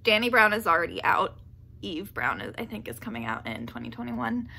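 Bright, gravelly-voiced woman gushing on a vlog. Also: medium pitch, very animated, brisk. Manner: rambling and gushing, heavy with "like" fillers; laughs often mid-sentence. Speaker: book vlogger. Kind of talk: casual vlog chat.

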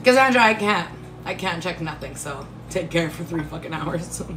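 A woman's voice: lowish voice, lively intonation, moderate pace, fairly bright tone, a little hiss or hum. Blunt, laughing woman streaming from a kitchen. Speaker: livestream host. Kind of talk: casual chat while eating. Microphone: phone. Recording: echoey room with faint music.

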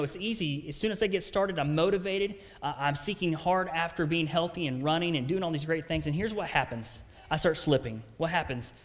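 A man preaching a sermon as pastor, earnest and conversational, often checking in with "right?". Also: high-pitched. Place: church sanctuary. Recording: long church hall reverb.

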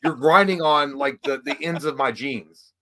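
A man in his thirties telling a rambling, profane story in casual chat and loudly acting out the other people's lines. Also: a little high, normal speed. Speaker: podcast co-host.

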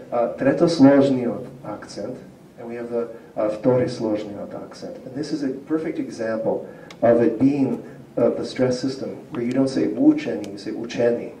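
Male lecturer, very mellow dark voice, heard from afar in an echoey hall, chatty and explanatory. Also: mid-range voice, moderate pace, slight background noise. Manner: explanatory, asks the audience questions, chuckles often. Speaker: university linguistics lecturer. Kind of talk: public lecture to a community audience. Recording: roomy hall picked up from a distance.

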